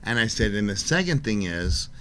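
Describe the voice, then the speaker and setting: Man, middle-aged, radio guest, low pitch, acts out quotes, light background noise. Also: normal speed. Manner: animated storyteller, acts out quotes in a raised voice. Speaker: guest artist. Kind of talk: casual interview chat.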